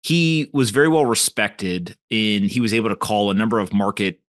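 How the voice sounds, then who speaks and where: A man's voice: lowish voice, normal speed, dry recording, clean studio sound. A man hosting an interview podcast, asking questions casually and retelling anecdotes with fillers. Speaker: podcast host. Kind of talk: interview host.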